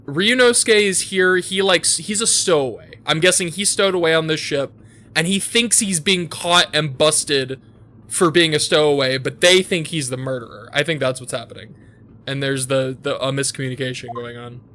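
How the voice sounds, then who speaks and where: A man's voice: on the high side, normal speed, sharp tone, slight background noise. A man streaming a game, reacting with profanity and laughter and reading lines aloud in put-on voices. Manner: swearing, laughing, reads game lines in mock accents. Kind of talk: let's play commentary and dialogue reading.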